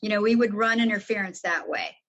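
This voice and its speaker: A woman's voice: mid-range voice, steady tone, brisk, a bit bright, dull audio. An older woman, a podcast guest, frankly recounting her own story and acting out the dialogue she quotes. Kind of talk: candid storytelling interview.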